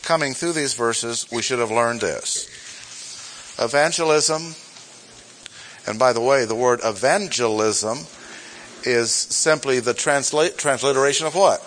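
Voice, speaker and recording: A man's voice: mid-range voice, measured pace, pauses often, fairly bright tone, slight background noise. A male pastor preaching a sermon in a church, emphatic, repeating key points and asking rhetorical questions.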